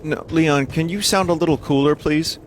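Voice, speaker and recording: A man doing a high, sweet young woman's voice. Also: moderate pace, a little hiss or hum, close to an everyday voice. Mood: pleading.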